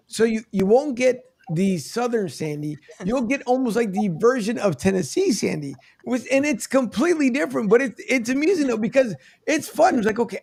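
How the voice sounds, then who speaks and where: High, gravelly male radio host. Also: a little mellow. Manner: chatty, laughs easily, restarts often. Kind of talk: casual radio talk.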